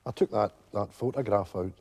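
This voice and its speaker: An actor playing an elderly Scottish widower who tells a long, meandering story full of fillers, on a live stage. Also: male voice, fairly low pitch, brisk, vocal fry, darkish tone. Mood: rambling fond. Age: older. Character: elderly widowed male pensioner, rambling storyteller. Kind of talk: live stage sitcom acting. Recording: theatre stage with long reverb.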